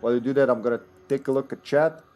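A male streamer with as his chats loosely through a live game session, cracking jokes and laughing between lines. His pitch sits mid-range for a man, and faint music plays under his voice. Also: fairly even intonation, racing, a little mellow. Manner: joking, laughs often, reads chat aloud. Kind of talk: casual live gameplay chat.

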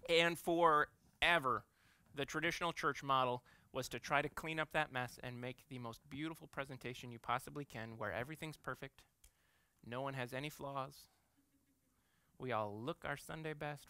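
A man's voice: medium pitch, normal speed, sharp tone, clear, resonant tone, dry recording. A man in his thirties, an executive pastor, giving a conversational sermon full of playful, self-mocking family stories.

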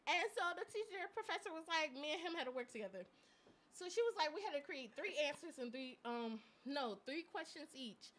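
A woman's voice: high-pitched, lively intonation, fairly quick, a bit bright. A young woman co-hosting a live chat stream, telling stories in a chatty way with slang and frequent laughter. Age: young adult. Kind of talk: casual chat.

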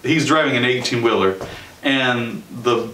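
A young man hosting a casual movie review, chatty and sarcastic, with quick joking asides. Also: medium pitch, sharp tone. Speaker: show host and movie reviewer. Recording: roomy sound from a distance.

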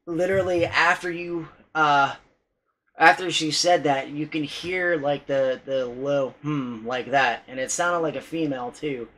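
A man's voice: a little high, unhurried, sharp tone, rough recording. A man vlogging casually about paranormal recordings, rambling and hesitant, with many restarts and some swearing. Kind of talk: casual vlog talk.

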